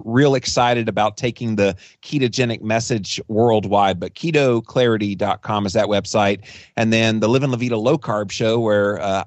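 A man's voice: on the low side, dry recording. Chatty man, dry close sound. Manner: chatty, rambling with frequent restarts and laughs. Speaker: podcast guest, author. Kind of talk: casual interview answers.

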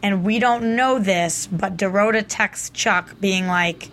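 A woman's voice: medium pitch, fairly even intonation, unhurried, hardly any pauses, fairly bright tone, slight background noise. A woman co-hosting a TV aftershow, recapping and gossiping in a gushing, chatty way full of "like". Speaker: co-host of a TV aftershow. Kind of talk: casual gossip chat.

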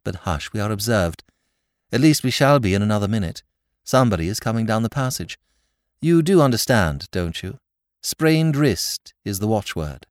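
A man voicing a brash, mocking young English gentleman in an audiobook reading, theatrical and quick-tongued. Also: fairly low pitch, lively intonation, dry recording, studio quality, pitched above the performer's own voice, natural voice. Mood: bantering.

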